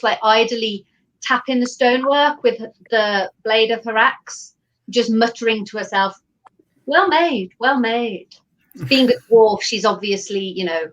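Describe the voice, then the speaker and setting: A woman's voice: fairly high pitch, a bit bright, rough recording. A woman playing a tabletop game, describing her dwarf character in a playful, casual way. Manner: playful, giggly. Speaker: player. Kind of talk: casual role-play chat.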